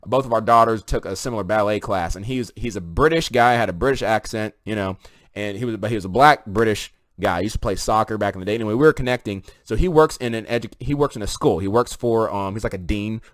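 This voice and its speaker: A man's voice: fairly low pitch, quick pace, no echo. A man talking straight to viewers in an emphatic, preaching opinion monologue. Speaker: commentary video host.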